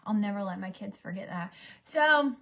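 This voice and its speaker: A woman's voice: mid-range voice, expressive, moderate pace, gravelly, bright, forceful tone. A woman, chatting through a get-ready-with-me story as a rambling storyteller who drops to a whisper for asides. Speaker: vlogger, mother. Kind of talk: casual get-ready-with-me chat.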